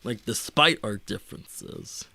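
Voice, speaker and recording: A young man streaming, talking casually in a rambling, halting way full of fillers and restarts. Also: on the low side, lively intonation, gravelly, bright, forceful tone, dry recording. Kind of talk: casual livestream chat.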